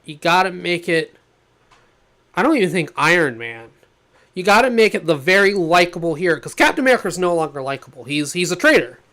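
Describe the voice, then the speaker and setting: A man co-hosting a podcast in casual chat, animated and laughing often as he pitches ideas. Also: fairly quick. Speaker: podcast co-host.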